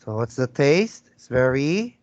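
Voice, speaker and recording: Slow, patient male English teacher. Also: medium pitch, very animated, a little mellow, no echo. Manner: patient, repetitive prompting. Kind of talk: online English lesson. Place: video call. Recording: dull lo-fi call audio.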